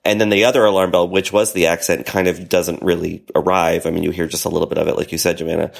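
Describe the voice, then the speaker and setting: A man's voice: deep voice, level tone, fast talker, vocal fry. A man co-hosting a podcast in casual chat, laughing easily and talking with lots of fillers. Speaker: podcast co-host.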